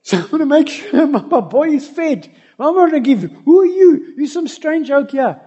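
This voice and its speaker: A man voicing a poor, hungry mother who stubbornly refuses to give up her food, in a much higher, louder voice. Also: lively intonation, moderate pace, highs cut off. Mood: defiant. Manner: defiant, fretful pleading.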